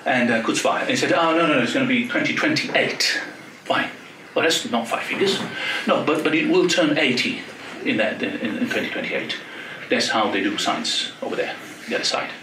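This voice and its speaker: A man giving an academic talk, joking with quick asides in a lively manner. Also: medium pitch, noisy background. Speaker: panel speaker. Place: lecture hall. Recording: echoey lecture hall from far off.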